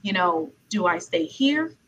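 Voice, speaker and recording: A woman's voice: lowish voice, very animated, unhurried, a little hiss or hum, low-quality recording. A woman from Brooklyn, New York, hosting a casual interview, talking in a chatty way with lots of "you know" and repeated words.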